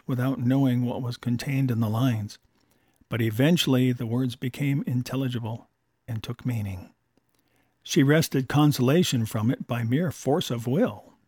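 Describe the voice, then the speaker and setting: A man reads an old-fashioned story aloud in a measured, expressive manner. His voice sits in a middle register and sounds dry and close, with no room sound. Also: medium pitch, no room sound. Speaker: narrator. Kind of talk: storybook narration.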